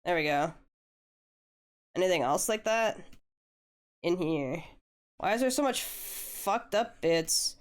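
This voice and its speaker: A young woman talks through her drawing on a live stream, relaxed and laid-back, dropping swear words as she goes. Her voice sits a bit low and comes across smooth and clear, with a slight hoarseness left over from a flu. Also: slow, pauses often. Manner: laid-back, swears casually, chats with viewers. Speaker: art streamer. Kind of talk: casual chat while drawing on stream.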